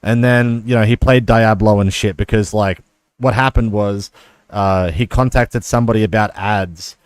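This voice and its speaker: Man, low voice, dry sound, casual profane rambling, streamer chat. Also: fairly even intonation, moderate pace, smooth, no room sound. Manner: rambling, profane storytelling with many "like" fillers. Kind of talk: casual stream chat while playing chess.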